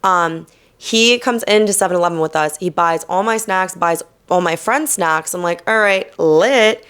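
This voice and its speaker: A young woman from New Jersey hosting a podcast, telling a night-out story in a casual, animated way, swearing and quoting people with sass. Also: on the low side, normal speed, smooth. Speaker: podcast host.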